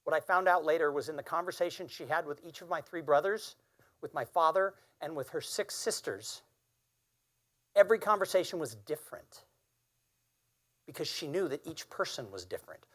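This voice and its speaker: A man's voice: a little high, expressive, moderate pace, fairly bright tone. A man in his fifties giving a keynote speech, telling a personal story in an earnest, emphatic way. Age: 50s. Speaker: keynote speaker.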